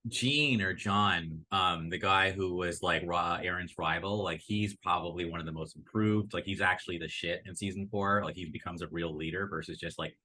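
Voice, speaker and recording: A man co-hosting a casual pop-culture podcast, rambling excitedly and swearing freely. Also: sits low, normal speed, hardly any pauses, poor audio. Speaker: podcast co-host.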